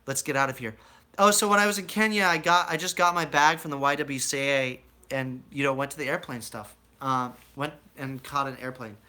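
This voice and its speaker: A young American speaks a little fast and with few pauses, his voice fairly high. He's casually rambling through his life story to viewers in a live chat, animatedly acting out quoted voices.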